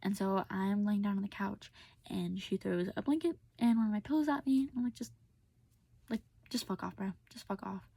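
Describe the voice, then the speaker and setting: Her voice is mid-range, gravelly and mellow with a breathy edge, fairly even in intonation and moderately paced, recorded with no room sound. The young woman vents casually about something personal, full of fillers, slipping into whispers and on the verge of crying.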